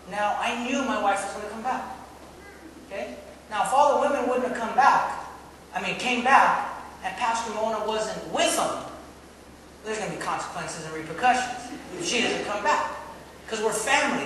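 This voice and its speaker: Pastor, male, playful call-and-response preacher, heard far off in a big reverberant church with room noise. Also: high voice. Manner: lively, joking preaching with audience call-and-response. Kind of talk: sermon. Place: church sanctuary. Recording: echoey hall, mic far off.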